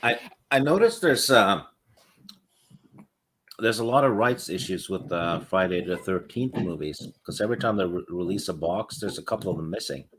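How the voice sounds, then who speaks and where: A man joining a casual chat, halting and full of uhs. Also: sits low, lively intonation, a bit bright, a little hiss or hum.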